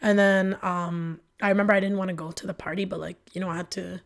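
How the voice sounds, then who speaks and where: A woman's voice: fairly low pitch, fast, gravelly. Young woman candidly recounting a painful breakup. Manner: emotional, animated retelling with many fillers and quoted dialogue. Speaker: podcast guest. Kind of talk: candid storytelling.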